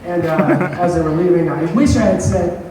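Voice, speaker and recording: A man's voice: high voice, moderate pace, crowd noise. A stand-up comedian, a man, casually retelling a story from his own show, profane and self-mocking. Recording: echoey room, voice from a distance.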